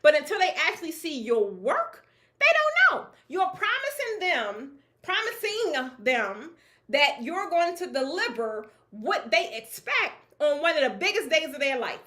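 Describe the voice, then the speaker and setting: Bright high-voiced woman, laughing, emphatic. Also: a little slow. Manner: lively, laughing, colloquial and emphatic. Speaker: draping business owner speaking to peers. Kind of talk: casual motivational talk to an audience.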